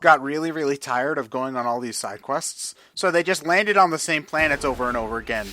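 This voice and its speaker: A man's voice: fairly high pitch, brisk, pushed and bright, a little hiss or hum. A man co-commentating a game playthrough in casual chat, chatty and often giggling. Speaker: let's play co-commentator.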